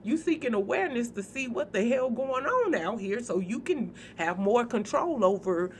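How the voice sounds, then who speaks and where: A woman's voice: fairly high pitch, expressive, moderate pace, a little hiss or hum. Blunt, foul-mouthed woman hosting spiritual chat. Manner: blunt, profane, joking, speaks straight to viewers. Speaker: spiritual channel host. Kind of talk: casual spiritual chat to viewers.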